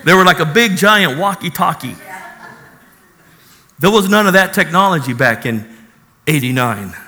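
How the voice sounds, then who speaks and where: A man's voice: on the high side, animated, normal speed, sharp tone. A man preaching a fervent sermon and telling his testimony, calling out hallelujah. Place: church hall. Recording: echoey hall.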